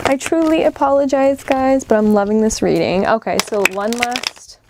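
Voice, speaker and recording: Woman, tarot reader, casual pick-a-card reading, excitable, laughs often, slightly worn voice. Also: on the high side, moderate pace, heavy background noise. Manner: excitable, laughs often, addresses viewers directly. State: voice a little worn. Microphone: camera on table while shuffling cards.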